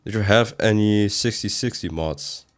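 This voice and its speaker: A man with a fairly low voice talks through a game livestream. He reads his chat aloud and answers it, rambling casually between sudden exasperated outbursts. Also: moderate pace, faint music behind. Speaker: game streamer.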